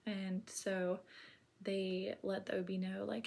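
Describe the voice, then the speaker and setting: Speaking slowly in a gravelly, mid-range voice with a level tone, a woman rambles casually through the story of her own birth. Filler words crop up constantly, and at times she lowers her voice to a gentle near-whisper.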